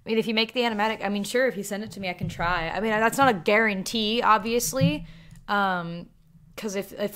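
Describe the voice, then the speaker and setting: A woman's voice: mid-range voice, fairly quick, fairly bright tone. A woman with a Southern American accent casually answering viewer questions in a rambling, chatty way, laughing between thoughts. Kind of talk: casual Q&A chat.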